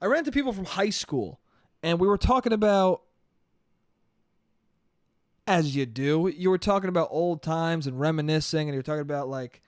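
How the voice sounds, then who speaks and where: A man in his late twenties holds forth alone on his comedy podcast, cursing freely and telling animated stories. His voice sits a bit high for a man. The sound is dry and close, with no room around it. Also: normal speed, long pauses, no echo. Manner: profane, animated storytelling with put-on voices. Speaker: podcast host. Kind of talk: solo comedic podcast monologue.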